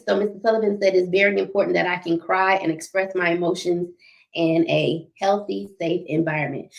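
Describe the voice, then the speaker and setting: A woman's voice: on the low side, creaky. A middle-aged woman hosting a relationship talk, preaching with faith references, repeating key points and asking "right?" often. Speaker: host of a relationship talk stream.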